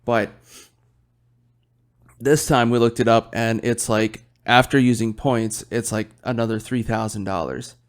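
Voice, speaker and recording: A man's voice: medium pitch, unhurried. A young man hosting his own podcast, chatting casually and rambling while he drinks beer, swearing often and yawning. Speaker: podcast host.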